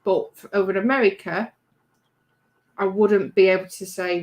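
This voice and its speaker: A woman's voice: medium pitch, fairly even intonation, moderate pace, pauses often, darkish tone, rough recording. Chatty Yorkshire woman co-hosting a livestream. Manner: chatty, reads out viewer comments. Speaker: livestream co-host. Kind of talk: casual livestream chat.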